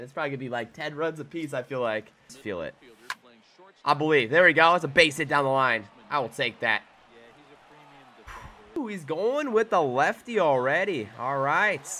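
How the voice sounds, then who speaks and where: An excitable young man commentates on his own video game as he plays it. His voice is bright and forward, and his pitch leaps around, swinging from low, quiet muttering to high, loud bursts. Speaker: gaming YouTuber. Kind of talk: live gameplay commentary.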